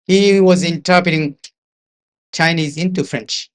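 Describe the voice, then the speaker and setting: A man's voice: fairly high pitch, unhurried. An older man with a Japanese accent, an interpreter giving a seminar talk full of anecdotes, sometimes slipping into Japanese asides. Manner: storytelling, switches into Japanese asides. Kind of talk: anecdotal lecture.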